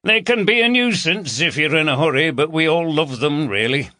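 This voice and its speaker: A man's voice: fairly high pitch, expressive, pushed and bright, dry recording, clean studio sound, voice pushed up. A man voicing a jovial, teasing male chief inspector with a Yorkshire accent. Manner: hearty, teasing, brisk.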